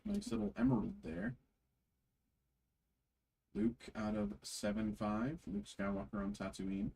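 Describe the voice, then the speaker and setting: A man hosting a trading card break, reading card names aloud slowly with frequent fillers. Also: a little high, animated, creaky, warm tone, husky, rough recording.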